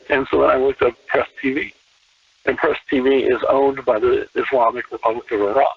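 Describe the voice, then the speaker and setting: Male podcast guest, husky voice, dry phone-line sound, animated and repetitive. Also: mid-range voice, brisk, dry recording, recorded from a distance. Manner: animated, repeats himself, many restarts. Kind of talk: casual conversation. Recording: tinny phone-line call.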